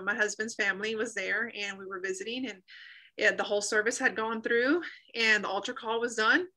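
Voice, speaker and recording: A woman's voice: a little high, sharp tone, rough recording. A woman in her thirties earnestly sharing a personal faith testimony over a video call, acting out quoted remarks as she goes. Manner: earnest storytelling with reenacted quotes.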